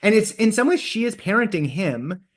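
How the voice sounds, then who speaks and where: A man co-hosting a casual book podcast, theatrical and profane, with quick swings in pitch. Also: big pitch swings. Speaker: podcast co-host. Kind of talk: casual book-club chat.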